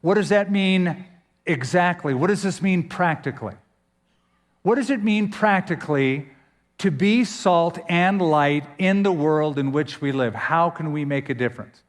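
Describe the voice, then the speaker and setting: A man preaching a sermon as pastor, emphatic, with dramatic pauses and sudden swings in pitch. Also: in a large hall.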